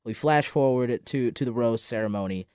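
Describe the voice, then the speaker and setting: A man co-hosting a casual podcast, retelling the episode scene by scene and putting on the voices of the people in it. His voice sits at an ordinary middle pitch. It is recorded close and dry, with no room sound. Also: moderate pace, clean tone, no echo. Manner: animated storytelling, acts out quotes. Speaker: podcast co-host. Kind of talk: casual chat recapping a dating show.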